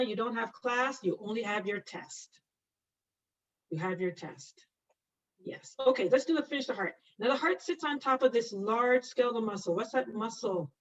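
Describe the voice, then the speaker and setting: Her voice sits a little high and moves at normal speed as this middle-aged nursing instructor teaches anatomy live online. Chatty and laughing often, she answers students by name. The audio is distant and dull, from a lo-fi mic.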